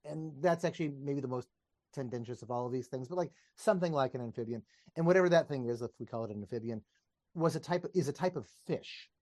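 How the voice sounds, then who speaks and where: A man's voice: mid-range voice, quick pace, a little mellow, no room sound, clean studio sound. A man, a podcast guest and teacher, explaining ideas in casual conversation with enthusiasm, wandering off on tangents and laughing as he talks, recorded over a video call.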